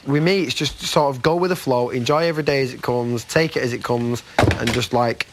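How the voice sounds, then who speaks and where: A British man talks casually and swears often, easygoing one moment and sharp the next. His voice has a medium pitch. The recording carries heavy house noise. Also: fairly quick. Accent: British English. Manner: laid-back, flares into sweary anger. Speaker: reality show contestant.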